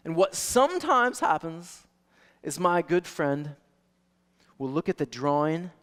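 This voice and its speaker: A male pastor preaching a sermon, animated storytelling that swings from soft to loud. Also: on the high side, measured pace. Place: church sanctuary. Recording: long reverb of a church hall.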